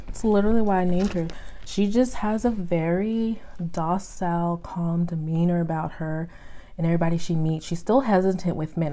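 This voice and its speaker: A woman talks casually to her camera in a lowish, warm voice. She is chatty and gets emotional, sometimes drawing her words out slowly. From Texas. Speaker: plant vlogger.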